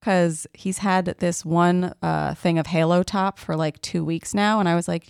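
A woman's voice: on the low side, fairly even intonation, measured pace, gravelly, hardly any pauses, a little mellow, smooth, dry recording, studio quality. A woman co-hosting a podcast, chatting casually and acting out quoted voices as she tells stories. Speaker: podcast co-host. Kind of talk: casual chat.

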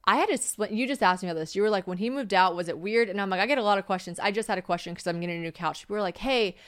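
A young woman hosts a casual podcast chat at a middle pitch. She tells stories with animated energy, acting out what people said and swearing freely. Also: racing. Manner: animated storytelling, acting out quotes, frequent swearing. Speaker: podcast host.

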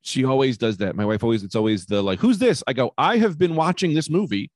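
A man in casual conversation, telling stories in a loud, animated way with lots of swearing. His pitch leaps around as he talks, and the sound is dry and close. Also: fast talker, no echo. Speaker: podcast guest, comedian. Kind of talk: casual chat.

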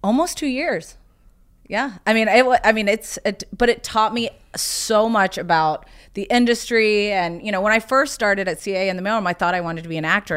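A woman's voice: mid-range voice, a bit bright, smooth. A woman from South Carolina, a podcast guest, telling stories in casual chat with many "like" fillers. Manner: chatty storyteller, fillers of "like".

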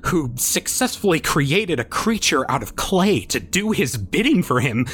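A young man narrating a first-person horror story with a wry, nervous edge. He stammers and restarts often, and his pitch swings widely from low mutters to high yelps. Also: fairly bright tone, breathy edge. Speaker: narrator, voice performer.

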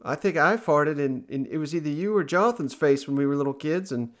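A man's voice: on the high side, expressive, brisk. A man hosting a casual podcast, laid-back and thanking listeners. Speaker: podcast host.

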